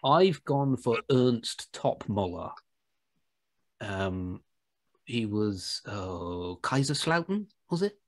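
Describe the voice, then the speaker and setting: A man's voice: lowish voice, very animated, very slow. Jokey man rambling through banter. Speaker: podcast co-host. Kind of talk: casual chat.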